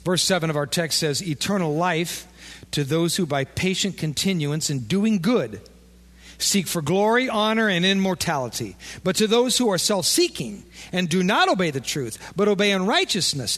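A man preaching a sermon as pastor, animated and playing out imagined conversations with his listeners. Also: high voice, moderate pace. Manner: animated, acts out imagined dialogue. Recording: long echo of a large hall.

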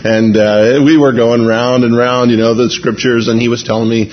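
A man's voice: mid-range voice, little pitch movement, moderate pace, lo-fi sound. A man preaching by telling a rambling personal story, casual and full of "you know" and restarts. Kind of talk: anecdotal sermon storytelling.

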